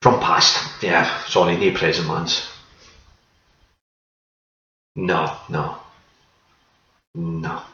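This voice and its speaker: Man, lowish voice, casual rambling quiz host, mic set back in an echoey room, muffled sound. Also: fairly even intonation, very slow, long pauses, pushed and bright, far from the mic. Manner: chatty, meandering, self-correcting.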